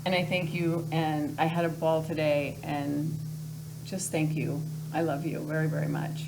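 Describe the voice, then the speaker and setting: A woman's voice: low-pitched, little pitch movement, a little slow, gravelly, over music, rough recording. A woman appearing as a talk show guest, grateful and gushing, laughing often. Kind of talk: casual talk show chat.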